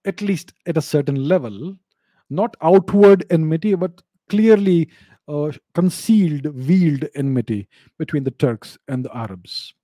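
A man answering viewer questions in an unscripted explanatory talk, measured, often repeating and restarting phrases. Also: a little high, expressive, warm tone, no room sound.

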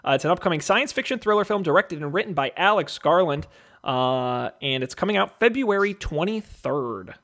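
High-voiced man auctioneering movie bids. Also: expressive, moderate pace, a bit bright. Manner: jokey, rattles off bids like an auctioneer. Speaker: host running a movie draft auction. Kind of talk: casual podcast chat.

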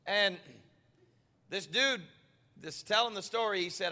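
Bright high-voiced male preacher, storytelling into shouting, echoey church hall. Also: measured pace, long pauses. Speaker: pastor. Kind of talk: sermon.

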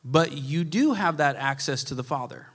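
A man's voice: a little high, lively intonation, normal speed, fairly bright tone, slightly rough. A man preaching a sermon as a pastor, telling a story earnestly, his volume swelling and dropping. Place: church. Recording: echoey church hall.

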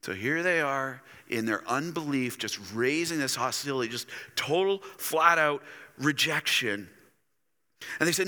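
A man's voice: mid-range voice, lively intonation, measured pace, sharp tone. A man preaching a sermon to his church, dramatic and addressing the congregation directly. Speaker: pastor. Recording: echoey church hall.

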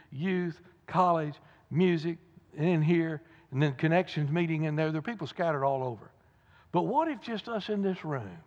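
Man preaching in an echoey church. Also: fairly high pitch. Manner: earnest, emphatic preaching with folksy asides. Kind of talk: sermon. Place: church sanctuary. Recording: muffled church recording with long reverb.

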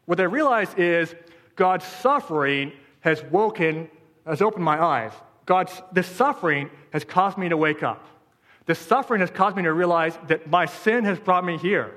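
A man's voice: high voice, a bit bright, long reverb tail. A man preaching a sermon as pastor, asking rhetorical questions and repeating phrases for emphasis.

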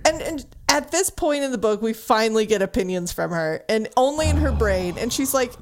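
A woman co-hosting a podcast, chatting casually about a book she read. Her voice sits a little high and swoops widely as she acts out the characters in quick bursts. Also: faint music behind. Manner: animated, acts out characters with big pitch jumps and laughter. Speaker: podcast co-host. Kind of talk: casual chat recapping a romance novel.

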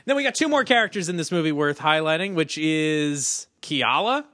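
Brief: male podcast host, bright forward voice, lively pitch, quick to laugh. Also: dry recording, studio quality. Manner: animated, laughs often, reads notes aloud. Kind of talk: casual movie podcast chat.

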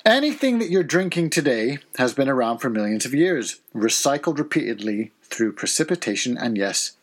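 A man co-hosting a playful family podcast, giggly and animated as he reads out odd facts. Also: mid-range voice, normal speed. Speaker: podcast co-host, father. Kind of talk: casual chat, playful fact segment.

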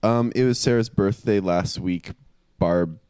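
A man's voice: low voice, measured pace, dark tone, clean tone, no room sound, studio quality. A man co-hosting a podcast, teasing and reading chat comments aloud. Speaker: podcast co-host. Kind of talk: casual chat.

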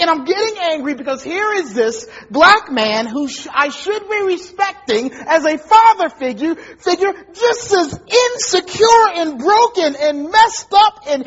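Emphatic storytelling preacher, muffled recording. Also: male voice, very high voice. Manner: storytelling, acts out voices, rising to emphatic shouts. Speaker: pastor. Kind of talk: sermon.

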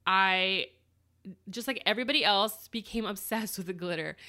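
A woman casually telling a personal story about starting her small business, animated and lively. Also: mid-range voice. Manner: animated, lively retelling with acted quotes.

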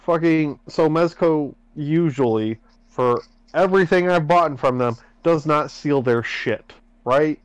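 A man's voice: fairly high pitch, a little slow, clear, resonant tone, no room sound. Nasal, sick-sounding male co-host. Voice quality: nasal, congested from a cold. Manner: animated ranting storyteller, heavy swearing. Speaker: podcast co-host. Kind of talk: casual chat.

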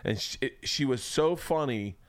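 This middle-aged podcast host from Tampa, Florida, tells rambling stories in a casual chat and swears freely. His mid-range voice is animated, he speaks at a normal speed, and there's no room sound.

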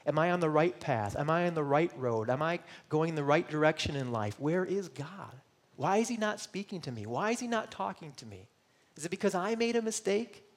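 A man's voice: fairly high pitch, expressive, a little fast. A middle-aged man from Michigan preaching a sermon, earnest and personal, voicing searching questions and at times close to tears. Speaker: pastor.

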